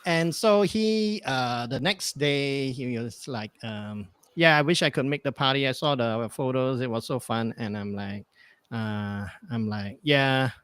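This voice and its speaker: Bright-voiced man telling a story. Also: mid-range voice, unhurried, clear, resonant tone, dry recording. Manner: rambling, hesitant, many fillers, acts out dialogue. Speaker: podcast guest. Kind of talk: casual storytelling chat.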